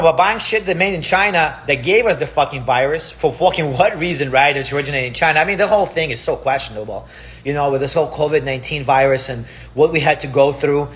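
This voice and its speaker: A man's voice: on the high side, a bit bright. Heated profane man ranting. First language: Russian. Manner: heated, profane, repeats himself. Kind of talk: ranting casual monologue. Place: Palm Springs.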